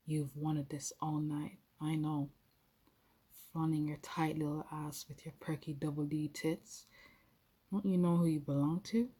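A woman voicing a commanding adult man in a hushed, slow murmur, with a husky voice. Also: low-pitched, steady tone.

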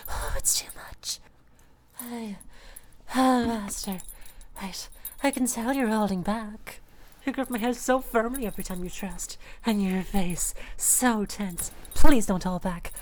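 Breathy catgirl pet, super devoted, begging slow and soft, young woman voicing her. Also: fairly high pitch, close to an everyday voice. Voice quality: breathy, sighing. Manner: pleading, devoted. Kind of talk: intimate audio role-play.

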